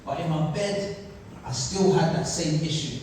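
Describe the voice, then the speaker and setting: A man telling a story live on stage, animated and acting out the voices of the people in it. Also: fairly high pitch, unhurried, background noise. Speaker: speaker. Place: large hall at an event. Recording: echoey hall from far off.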